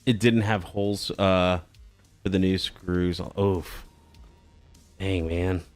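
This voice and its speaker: A man hosting a live game stream in casual chat, swearing, joking and breaking into loud excited laughter. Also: deep voice, slow, soft background music. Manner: profane, jokey, bursts into loud excited laughter. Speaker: streamer host.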